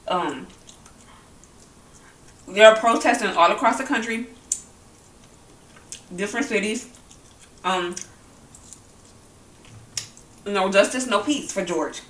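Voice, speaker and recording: A woman's voice: mid-range voice, a little slow, long pauses, a bit bright, reverberant, distant mic. A woman vlogging while she eats, talking bluntly and angrily about the news and swearing often. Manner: blunt, heated and profane. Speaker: mukbang vlogger. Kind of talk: angry opinion talk while eating.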